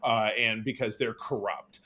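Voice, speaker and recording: A man co-hosting a casual podcast, chatting with lots of fillers and quick mock character voices. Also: fairly low pitch. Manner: animated, quick impressions of characters, many fillers. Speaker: podcast co-host. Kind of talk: casual chat.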